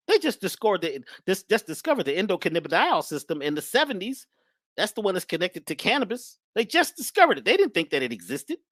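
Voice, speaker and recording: A woman's voice: mid-range voice, sing-song, fast talker, no room sound, studio quality. A woman guest speaker talking in an emphatic, preachy but casual way about spirituality and love. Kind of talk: spiritual talk, casual conversation.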